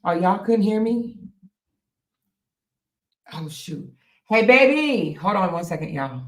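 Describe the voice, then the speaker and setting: A woman's voice: mid-range voice, expressive, slow pace. A woman hosting a casual live stream, chatting straight to viewers and laughing often. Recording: echoey room.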